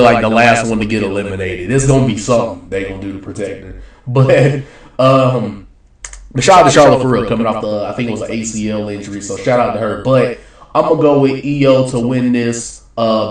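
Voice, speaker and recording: A young man talking casually and predicting wrestling results, in a loose, slangy, rambling way. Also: fairly low pitch. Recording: roomy echo, voice a bit far from the mic.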